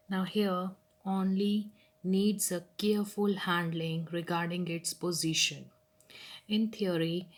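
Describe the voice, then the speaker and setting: Slow, low-voiced woman English teacher. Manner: slow, repeats each example sentence twice. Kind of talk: grammar lesson.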